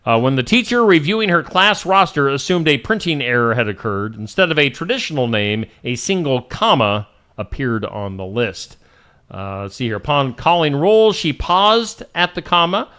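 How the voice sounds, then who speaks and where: A man's voice: a little high, animated, moderate pace, bright, forceful tone. A man hosting a morning show in casual chat, reading odd news stories and joking about them. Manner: jokey, reads headlines then riffs on them.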